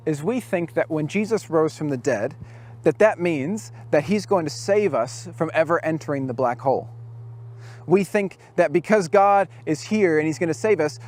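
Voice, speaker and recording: A man giving a storytelling sermon at a youth camp, dropping his voice low and soft for quoted words.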